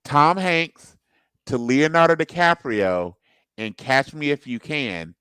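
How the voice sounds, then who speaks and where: A man's voice: on the high side, slow pace, pushed and bright, smooth, dry recording, rough recording. A man co-hosting a casual podcast, who thinks aloud with restarts and upbeat asides. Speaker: co-host.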